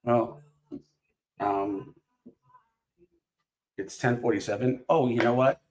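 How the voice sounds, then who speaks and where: A man's voice: mid-range voice, steady tone, slow pace, a little mellow. A man hosting a casual live stream while opening trading cards, rambling with lots of fillers and restarts. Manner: rambling, filler-heavy, self-interrupting.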